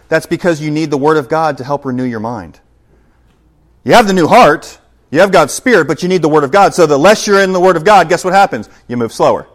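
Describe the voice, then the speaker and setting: A man preaching a sermon in a church as pastor, emphatic, shifting between loud passages and hushed ones. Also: a little high, expressive, brisk.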